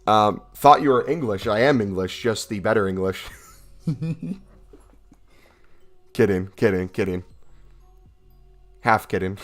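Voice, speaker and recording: A young man from the United States casually reads and answers his livestream chat, adding jokes along the way. His fairly low voice moves a little slowly with frequent pauses, and soft music plays in the background.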